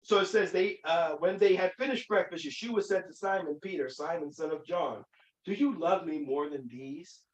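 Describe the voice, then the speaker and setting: A man with a high voice teaches scripture emphatically, stumbling and restarting as he goes. He stands back from the mic, and the room rings around him. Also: moderate pace, reverberant, recorded from a distance, dull audio. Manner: emphatic, with many restarts and fillers. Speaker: Bible teacher. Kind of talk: teaching sermon.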